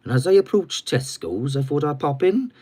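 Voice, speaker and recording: A man putting on a high singsong Welsh lilt. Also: very animated, moderate pace, husky. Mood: gleeful. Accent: put-on Welsh. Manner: rising, climbing melody, louder and higher as it goes.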